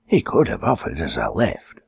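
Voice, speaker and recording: A man's voice: extremely low pitch, huge pitch swings, moderate pace, creaky, slightly rough, no echo, studio quality, exaggerated voice. A man doing a blunt young Manchester woman. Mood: indignant. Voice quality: blunt, sharp-tongued. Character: outspoken young working-class woman.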